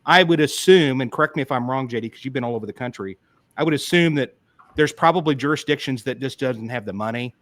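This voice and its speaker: Male detective host, casual and halting, stops and restarts his sentences; dry, close recording. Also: medium pitch, fairly bright tone, dry recording. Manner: halting, frequent restarts while recounting. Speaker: podcast host, police detective. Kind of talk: casual interview conversation.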